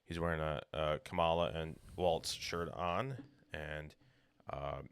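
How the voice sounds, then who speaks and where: A man's voice: a bass voice, fairly even intonation, takes it slowly, creaky, clear, resonant tone, dry recording. A young man co-hosting a podcast, telling a long jokey story in casual banter and acting out the people in it. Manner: rambling storyteller, jokey, acts out quotes. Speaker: podcast co-host.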